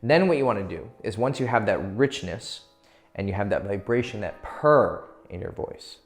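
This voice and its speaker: A man's voice: lowish voice, expressive, moderate pace, soft background music. A man giving casual dating advice, loose and profane, laughing easily as he explains. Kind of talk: casual instructional talk.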